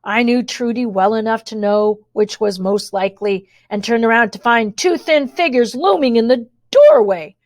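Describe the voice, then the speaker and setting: Brief: bright-voiced woman narrating a kids' storybook, expressive, with wry asides, dry close sound. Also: on the high side, moderate pace, few pauses, no echo. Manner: reads expressively, adds wry spoken asides. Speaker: storybook reader. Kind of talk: children's book read-aloud.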